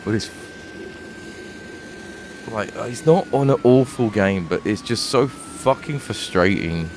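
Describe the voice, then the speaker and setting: Deep-voiced London man ranting while gaming. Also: expressive, slow pace, a little mellow. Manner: frustrated, swearing rant. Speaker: game streamer. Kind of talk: live gameplay commentary. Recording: noisy home stream recording.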